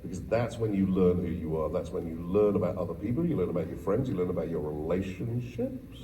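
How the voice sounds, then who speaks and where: A man's voice: sits low, animated, quick pace, a crowd in the background. British man telling stories in an echoey hall. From England. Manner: rambling, self-deprecating, with many restarts. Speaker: panel guest, voice actor. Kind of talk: anecdotal storytelling on a panel. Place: large convention hall, filmed from the audience. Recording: distant, echoey convention hall recording.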